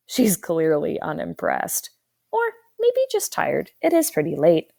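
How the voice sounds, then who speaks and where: A woman narrating a first-person audiobook in a wry, expressive way. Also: sits low, measured pace, creaky, no echo, clean studio sound.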